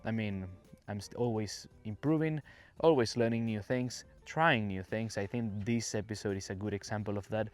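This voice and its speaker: A man from Venezuela with a Venezuelan Spanish accent, a native Spanish speaker, hosting a podcast for English learners in a chatty, relaxed way. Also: on the low side, moderate pace, faint music behind. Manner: chatty and relaxed, acts out quoted dialogue. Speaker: English teacher and podcast host.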